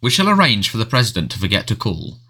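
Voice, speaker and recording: A man reading aloud, voicing a frog-like little man in a talking painting who speaks crisply and decisively, as if reading a prepared statement. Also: fairly low pitch, wildly swooping pitch, fast, pushed and bright, heavily acted. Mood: formal.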